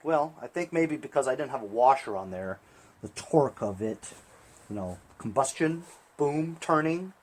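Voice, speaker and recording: A man with a medium-pitched, slightly mellow voice and lively intonation talks at a normal speed. He's a small-engine repair vlogger casually walking viewers through fixing a lawn tractor engine, chatting with them as he works in a hands-on demonstration.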